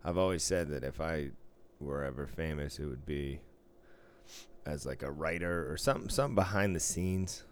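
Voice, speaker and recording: Low-voiced man cracking profane jokes. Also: normal speed. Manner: profane, wisecracking banter. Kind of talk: casual chat.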